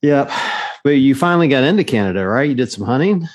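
A man's voice: medium pitch, animated, fast, darkish tone. A man in his forties, co-hosting a podcast, telling a story in a laid-back way with dry humor and frequent "um"s. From United States. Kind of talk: casual storytelling chat.

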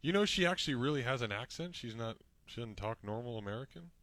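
A man's voice: medium pitch, animated, fast, fairly bright tone, no echo. A man co-hosting a sports talk radio show, chatting casually and often searching for words. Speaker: radio co-host.

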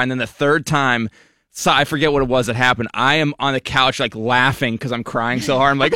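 A man co-hosting a casual chat, telling an animated story about his wife. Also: mid-range voice, fairly quick, no room sound, studio quality. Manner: animated anecdote teller.

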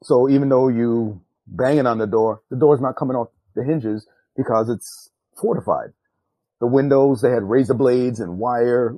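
An older man, a retired drug agent, telling a tense undercover story in an interview, profane and animated. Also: dry recording. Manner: animated, jumps loud and high acting out quotes; profane, street-style speech.

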